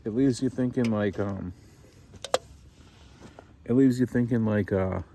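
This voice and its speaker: Around a campfire outside, a dad tells a scary story he's making up as he goes, speaking at a measured pace over background noise. The telling wanders with constant restarts and repetition, and his pitch jumps to high cries for the boy's lines.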